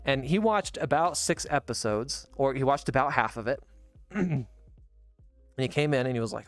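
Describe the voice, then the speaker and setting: A man's voice: mid-range voice, fast talker, soft background music. Rambling young man telling a story. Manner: rambling, animated, full of fillers and restarts. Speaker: podcast host. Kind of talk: casual storytelling.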